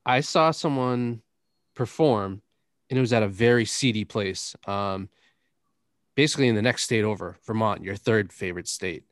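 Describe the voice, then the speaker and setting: A man's voice: fairly low pitch, normal speed, no echo, clean studio sound. A young man, chatting casually as a podcast host, rambling through stories, laughing often and cursing now and then. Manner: rambling storyteller, laughs often, drops curses. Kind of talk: casual chat.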